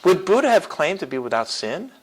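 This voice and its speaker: A man with a slightly high voice leads a church classroom lesson. He talks loosely and often chuckles, with plenty of fillers and false starts as he works through his points. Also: big pitch swings, brisk, poor audio. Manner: casual and chuckling, many fillers and restarts. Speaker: apologetics teacher. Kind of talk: classroom lecture.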